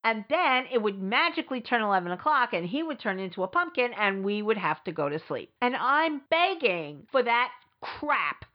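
A woman's voice: a little high, very animated, normal speed, few pauses. A middle-aged woman hosting a podcast, telling her own story in a blunt, emphatic, sarcastic way. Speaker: podcast host. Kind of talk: candid personal storytelling. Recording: dull lo-fi recording.

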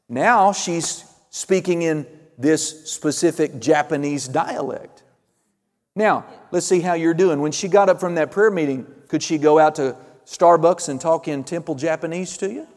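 A man preaching a fervent sermon, calling out amens and hallelujahs, swinging between loud and hushed. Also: on the high side, unhurried, big-room sound. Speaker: pastor.

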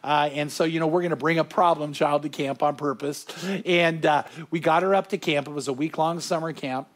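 Male pastor preaching to a small room of listeners, earnest and animated, voice sitting a bit high, words tumbling over restarts. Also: a little fast. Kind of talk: sermon.

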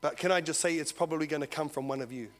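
A man's voice: on the high side, quick pace. A male pastor, preaching a sermon to his church, telling a story and acting out the voices in it. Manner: animated storytelling, acts out dialogue, asks congregation "Amen?".

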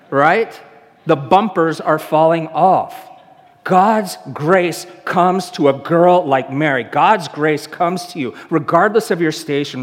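Preaching conversationally and quizzing the congregation, a pastor from the American South talks in a fairly high-pitched male voice with a Southern accent. The church sanctuary gives him a big-room sound.

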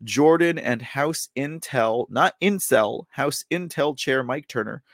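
Male podcast host, gravelly mid voice, chatty commentary, reads excerpts aloud. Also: medium pitch, slow, dry recording. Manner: rambling, repeats phrases, many fillers. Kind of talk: casual political commentary.

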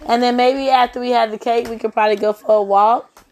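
A woman, hosting a casual family podcast and gently coaxing and scolding her children at home. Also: a little high, fairly even intonation, fairly quick, noisy background. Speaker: podcast host and mother.

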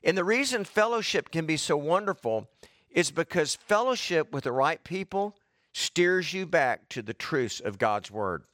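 A man's voice: fairly high pitch, expressive, measured pace, fairly bright tone, dry recording, clean studio sound. A middle-aged man preaching a sermon in an earnest, conversational way, calling on people in the congregation by name.

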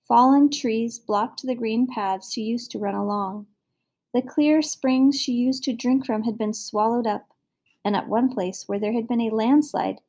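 A woman narrates a fairy tale in an expressive storybook reading. Her voice sits somewhat high and carries a gravelly texture.

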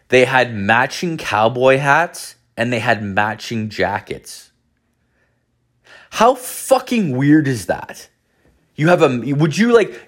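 A man with a mid-range, fairly bright voice spins a rambling, funny story, cursing nonstop and saying "like" over and over in a casual storytelling rant.

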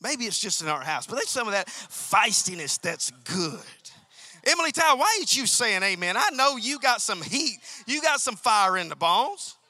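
High, bright-voiced preaching man. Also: very animated, moderate pace, no room sound. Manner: emphatic, repeats key phrases, calls out to congregation. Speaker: pastor. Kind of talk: sermon.

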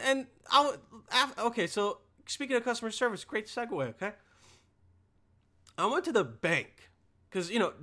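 A young man from Bosnia telling a crude, exasperated comic rant, breaking into sudden high-pitched outbursts. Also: sharp tone. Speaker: comedian. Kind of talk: stand-up style ranting monologue.

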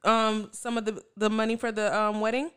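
A young woman co-hosts a casual podcast chat. She talks in an animated, teasing way and swears freely. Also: on the high side, moderate pace, clear, resonant tone. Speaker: podcast co-host.

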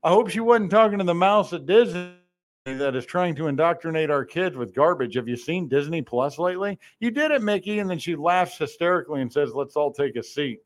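A man's voice: a little high, fairly quick. A man hosting a political talk show, delivering sarcastic, mocking commentary.

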